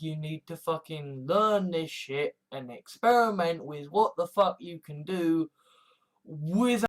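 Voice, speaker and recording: A woman's voice: deep voice, slow pace. A woman in a casual monologue, swearing often and acting out her own reactions in quotes.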